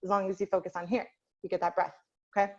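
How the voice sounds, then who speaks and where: A woman's voice: medium pitch, little pitch movement, fast, a little mellow, highs cut off. A woman voice teacher leading an online group lesson over a video call, patiently asking the class questions and waiting for answers.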